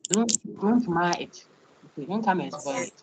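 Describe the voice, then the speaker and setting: Ghanaian woman lecturing in a low voice. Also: expressive, moderate pace, noisy background. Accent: Ghanaian English. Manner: repeats words, asks "okay?" to check understanding. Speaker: university lecturer. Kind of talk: online class lecture with student questions. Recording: dull lo-fi online call audio.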